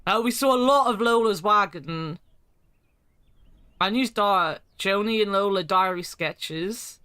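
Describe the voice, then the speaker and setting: A woman streaming an adventure game, chatting casually, joking and swearing now and then, with a hoarse morning voice. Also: medium pitch, slow, sharp tone, no echo, studio quality. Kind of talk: casual gameplay commentary.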